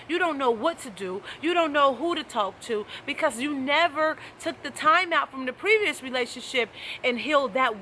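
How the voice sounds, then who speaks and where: A woman's voice: high-pitched, sharp tone, slight background noise. A woman life coach giving an emphatic, preachy motivational talk to camera, repeating her key phrases.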